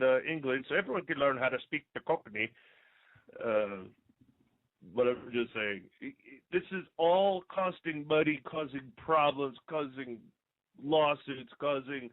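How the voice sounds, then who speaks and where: A man's voice: mid-range voice, no echo. A man hosting an internet talk radio show, ranting sarcastically in opinionated commentary and often restarting mid-sentence. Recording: dry, tinny phone-like sound.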